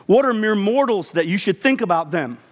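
A man preaching a sermon to a congregation, expressive, often dropping his voice low for emphasis. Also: a little fast, long reverb tail. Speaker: pastor.

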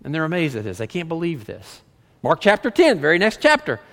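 Male pastor, sermon, high voice, very lively delivery, long hall reverb. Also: brisk. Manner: animated preaching, reads scripture aloud, rises and drops dramatically.

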